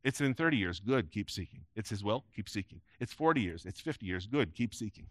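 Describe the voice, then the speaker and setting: A man's voice: fairly low pitch, expressive, brisk, no room sound, clean studio sound. A man preaching a sermon to a congregation, emphatic, with rising peaks and phrase ends that drop away. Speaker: pastor. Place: church sanctuary before a congregation.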